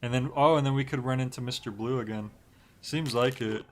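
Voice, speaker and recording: A man's voice: mid-range voice, brisk. A young man casually commenting as he plays a game on stream, chatty and often restarting his sentences. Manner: chatty, reads game dialogue aloud, trails off and restarts. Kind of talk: casual let's-play commentary. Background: game music.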